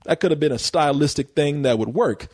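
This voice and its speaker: A man's voice: a little high, fairly quick, a little mellow. A man reviewing a film in casual podcast chat, rambling with stammered restarts and frequent laughter.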